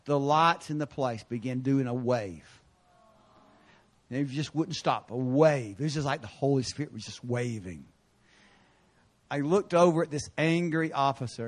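A man preaching in a church sanctuary, his voice sitting high for a man. He tells stories with energy, jumping from loud, punchy lines to quiet asides. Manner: animated storytelling with sudden loud and quiet turns. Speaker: guest preacher. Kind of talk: sermon.

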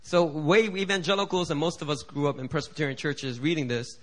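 A middle-aged man preaching a sermon as pastor. He swings from quiet asides to loud, climbing appeals and acts out the prayers he quotes. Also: on the high side, steady tone, brisk. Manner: preaching with big swings in volume, building to shouted climaxes; acts out quoted voices and prayers in shifting tones.

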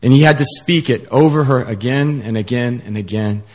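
A man preaching a sermon in an earnest, halting way, with many fillers. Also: medium pitch, darkish tone.

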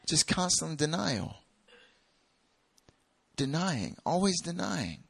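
A man's voice: fairly high pitch, big pitch swings, unhurried, gravelly, pauses often, fairly bright tone, breathy edge, no echo, studio quality. A man preaching a sermon in a conversational way, acting out little dialogues.

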